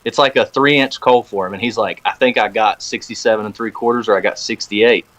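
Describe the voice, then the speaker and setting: With a fairly low-pitched voice and a fairly quick pace, a man on a podcast casually recounts a long story from the recording room. He acts out the phone calls he quotes with animated energy, and the recording sounds rough.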